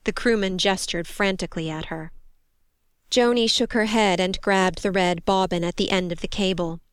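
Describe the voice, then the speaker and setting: A woman reading a war story aloud in steady, measured scripted narration. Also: mid-range voice, clear, resonant tone, no echo, studio quality. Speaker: audiobook narrator.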